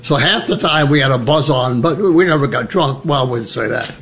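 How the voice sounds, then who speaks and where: A man's voice: mid-range voice, brisk, a bit bright, a little hiss or hum. An elderly American man telling personal stories in a chatty, humorous way, acting out the voices of people he quotes. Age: older. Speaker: veteran interviewee. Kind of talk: personal storytelling.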